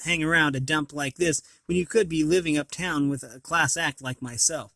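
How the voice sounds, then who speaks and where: A man's voice: a little high, normal speed, fairly bright tone, no room sound, clean studio sound. A man reading a storybook aloud, voicing a big bullying male Doberman who taunts and snorts. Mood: leering.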